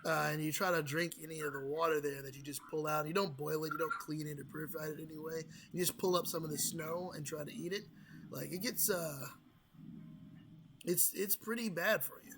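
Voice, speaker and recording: A man voicing a young male dragonborn apothecary clerk who is chatty and helpful, with a halting manner. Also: fairly high pitch, fairly even intonation, vocal fry, background noise.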